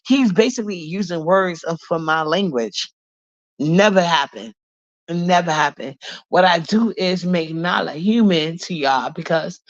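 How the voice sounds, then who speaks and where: A woman's voice: fairly low pitch, dry recording. A woman with a bad cold, venting angrily and profanely on a live stream, repeating herself to defend her point. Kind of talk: heated live-stream rant. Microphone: phone on a live stream, camera off. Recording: dull lo-fi stream audio.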